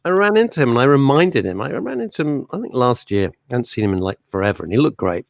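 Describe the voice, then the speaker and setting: A man's voice: medium pitch, sing-song, quick pace, gravelly, no echo. Rambling middle-aged male radio host. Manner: rambling, anecdotal storyteller. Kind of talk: casual radio chat. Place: radio studio.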